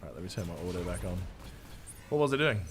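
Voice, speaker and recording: A man's voice: deep voice, expressive, quick pace, background noise. Joking Australian man streaming a game. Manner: casual, jokey, self-mocking, swears freely. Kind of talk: live gameplay commentary, reading chat.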